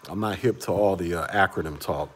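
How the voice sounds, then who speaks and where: Reading his chat aloud, this livestream host in his 40s chats loosely with viewers, wandering off topic, repeating himself, and laughing frequently. His voice sits low and is a bit bright, and he speaks fairly quickly.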